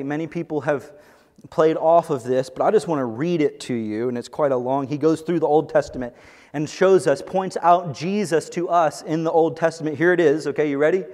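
Man preaching in an echoey hall. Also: fairly high pitch. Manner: earnest, building to excited bursts. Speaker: pastor. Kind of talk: sermon. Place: church sanctuary. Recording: long echo of a large hall.

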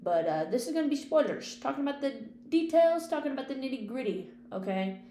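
A woman with a high, warm, very animated voice hosts an unscripted podcast as a film critic, chatting briskly about movies and swearing freely. The room is echoey, with a faint hum.

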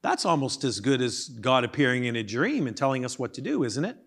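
A man's voice: mid-range voice, big pitch swings, a little fast, fairly bright tone, breathy edge. A man preaching a sermon as pastor, emphatic, asking rhetorical questions and reading scripture aloud.

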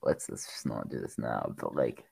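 A young man in casual podcast chat, opinionated and quick to argue back. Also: very deep voice, lively intonation, creaky, darkish tone, slightly rough, no echo.

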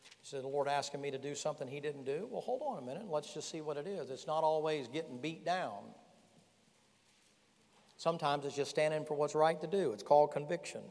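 A man preaching a sermon as pastor, folksy and animated, firing rhetorical questions at the congregation. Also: fairly high pitch. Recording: long reverb in a large hall.

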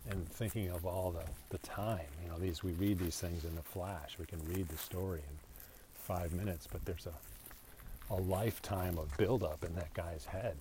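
A man's voice: sits low, fairly even intonation, moderate pace. A man hosting a casual podcast while walking his dog outdoors, talking in a chatty, meandering way full of restarts. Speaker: podcast host. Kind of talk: casual rambling monologue. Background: pool pump noise.

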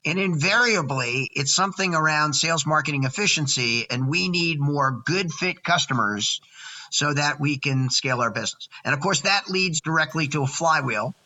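A man's voice: fairly high pitch, animated, normal speed, bright, forceful tone, low-quality recording. A man in his sixties, a podcast guest chatting casually with energy and jokes, laying out his points by number. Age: 60s. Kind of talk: casual chat.

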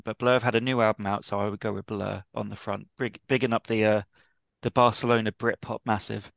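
A man's voice: on the low side, fairly bright tone, no echo. A British man co-hosting a podcast, joking and bantering in casual chat. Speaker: podcast co-host.

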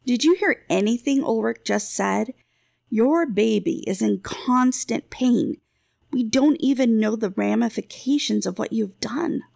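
A woman's voice: a little high, a little slow, creaky, darkish tone, no room sound, clean studio sound. A woman reading a fantasy audiobook, voicing a blunt, exasperated female healer who scolds with open scorn.

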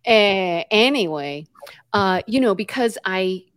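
A woman from the United States, a guest telling stories in a lively conversation, with many fillers and a few Spanish words mixed in. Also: medium pitch, slow pace, clean tone. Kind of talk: conversational storytelling.

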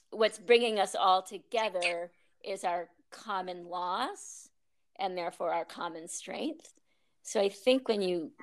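A woman yoga teacher telling stories in a casual interview, chatty, laughing often, with many ums and restarts. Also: mid-range voice.

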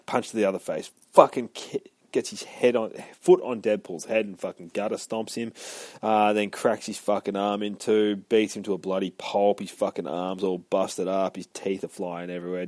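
A man's voice: low-pitched, steady tone, moderate pace, no room sound, clean studio sound. A man casually recapping a comic book, swearing a lot and rambling with many fillers. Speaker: podcast host.

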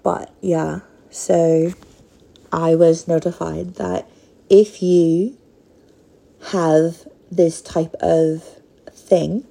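A woman in her thirties with a Northern Minnesotan accent, hosting a casual solo podcast and talking slowly and hesitantly, with frequent pauses. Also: sits low, vocal fry, dark tone, poor audio. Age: 30s. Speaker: podcast host.

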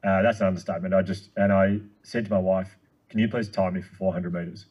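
A man in his thirties, a guest speaker telling a long story in casual chat, excitable and quick. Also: deep voice, slightly rough, poor audio.

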